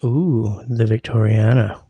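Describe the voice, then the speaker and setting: A man's voice: lowish voice, takes it slowly, husky, muffled recording. A man hosting a casual livestream from home, rambling, greeting viewers by name and humming while he scrolls, his sinuses congested. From Canada. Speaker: livestream host. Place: indoors at home.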